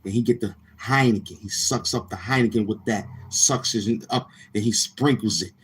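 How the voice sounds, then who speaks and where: A man hosting a live stream, teasing and roasting a viewer in loud casual banter and often breaking into laughter. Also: lowish voice, moderate pace, slight background noise.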